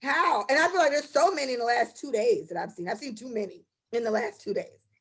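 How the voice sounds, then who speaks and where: A woman's voice: on the high side, lively intonation, brisk, a bit bright, breathy edge. A young woman co-hosting a casual podcast, telling stories in an impassioned, profane way. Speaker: podcast co-host.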